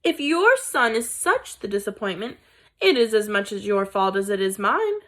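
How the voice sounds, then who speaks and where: A woman's voice: mid-range voice, big pitch swings, moderate pace, a bit bright. A woman voicing a haughty French mother mouse who speaks with a French accent and scoffs at everything her husband says. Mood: indignant. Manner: exasperated, scoffing.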